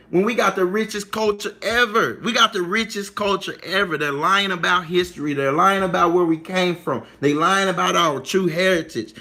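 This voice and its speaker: A man hosts a livestream in a casual monologue, his high voice bright and forceful. He leans hard on his points, says things more than once, and often asks his listeners if they're following.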